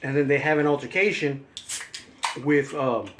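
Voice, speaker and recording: A man's voice: a little high, fairly even intonation, normal speed, fairly bright tone, a little hiss or hum. A man co-hosting a casual movie chat, rambling and acting out scenes in raised voices. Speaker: podcast co-host.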